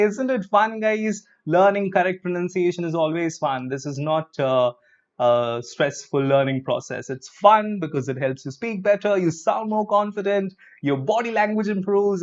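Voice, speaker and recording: A man teaching pronunciation in a live online lesson, upbeat and repeating words for drills. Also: on the high side. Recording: dull lo-fi sound.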